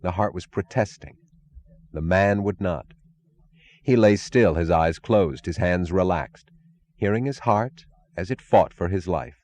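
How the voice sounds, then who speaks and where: A man reading a novel aloud as an audiobook narrator, in a measured, dramatic delivery. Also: low voice, a little mellow, dry recording. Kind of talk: scripted narration.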